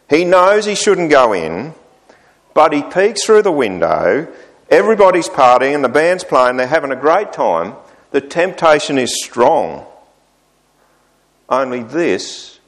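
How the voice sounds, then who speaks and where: Casting note: male preacher, slightly high voice, slow deliberate delivery, expressive. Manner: expressive, rises high when voicing the psalmist's complaints. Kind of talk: sermon.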